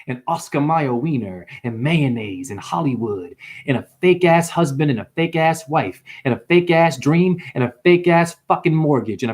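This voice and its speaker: Male livestream host, fairly high voice, profane, impassioned, rambling wordplay. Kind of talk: rambling livestream rant to chat.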